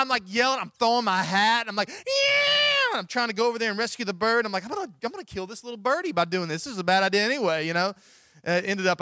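Animated preacher man, bright voice. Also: high voice, no echo, clean studio sound. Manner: animated storytelling, acts out his own reactions. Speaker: pastor. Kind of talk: sermon with personal story.

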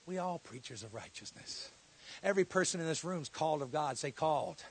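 A man preaching a sermon, telling a story and then building to loud, shouted exhortation before a church congregation. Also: a little high, lively intonation, a little fast, slightly rough. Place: church hall.

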